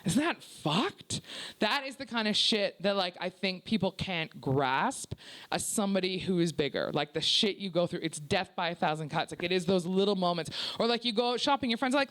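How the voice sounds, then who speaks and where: A woman's voice: medium pitch, lively intonation, brisk, fairly bright tone. A young woman doing a stand-up comedy set, confessional and profane, full of "like" fillers and acted-out quotes. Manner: acts out quoted people in shifted voices.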